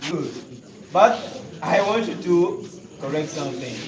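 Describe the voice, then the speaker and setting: A man's voice: a little high, lively intonation, unhurried. A man acting as an English teacher, questioning a student and patiently correcting his pronunciation. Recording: echoey room from far off with crowd.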